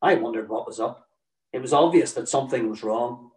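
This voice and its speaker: A man's voice: medium pitch, brisk, darkish tone, roomy sound, distant mic, low-quality recording. A man telling a personal story in a dry, wry way, acting out quotes. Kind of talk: told personal story, read aloud.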